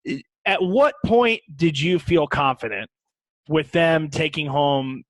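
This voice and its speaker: A man's voice: on the high side, unhurried, a bit bright, no echo, low-quality recording. A man hosting a podcast, asking casual, rambling interview questions. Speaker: podcast host.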